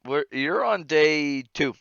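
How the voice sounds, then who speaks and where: A man running a tabletop game as game master, relaxed, with frequent laughter and fillers. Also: a little high, slow pace, creaky, clear, resonant tone, dry recording, muffled recording.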